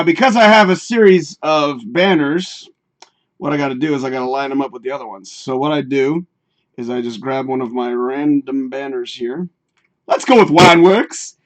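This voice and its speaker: A man hosting a live stream, chatting casually and cursing while he fiddles with his setup and talks to himself. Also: a little high. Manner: profane, rambling, talks to himself while working. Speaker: livestream host.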